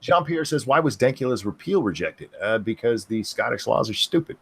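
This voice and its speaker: A man hosting a live stream, reading out chat questions and answering bluntly in a casual, halting way full of fillers and restarts. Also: mid-range voice, expressive, vocal fry, fairly bright tone, a little hiss or hum.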